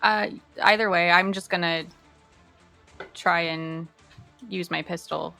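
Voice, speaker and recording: A woman playing a tabletop roleplaying game, easygoing and soft-spoken. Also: lowish voice, steady tone, slow, gravelly, soft background music. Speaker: player. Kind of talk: casual tabletop play.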